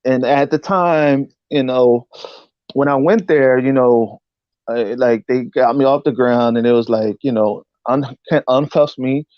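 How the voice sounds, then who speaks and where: A man telling a personal story as an interview guest in casual speech, animated and often saying "you know what I'm saying". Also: medium pitch, unhurried, no echo, lo-fi sound. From United States. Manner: acts out voices in quotes.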